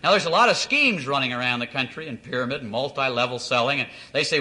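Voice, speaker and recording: A company founder giving a motivational business speech to distributors, telling folksy stories and acting out the dialogue. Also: male voice, mid-range voice, quick pace, few pauses, pushed and bright. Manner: folksy storyteller, acts out quoted dialogue.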